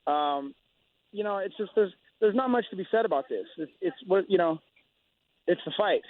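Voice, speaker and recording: A man guest in a casual interview, rambling with many halting restarts. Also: high-pitched, animated. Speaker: guest fighter. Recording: tinny phone line.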